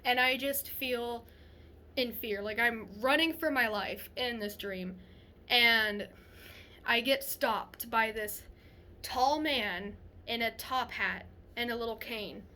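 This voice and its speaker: A woman's voice: a little high, takes it slowly, sharp tone, a little hiss or hum. A young woman vlogging to a phone camera, telling a story casually in a rambling way with many restarts.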